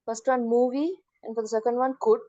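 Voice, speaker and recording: A woman's voice: a little high, level tone, brisk, dark tone, no echo, muffled recording. A woman student politely reading out her answers in an online class, hesitant and full of fillers.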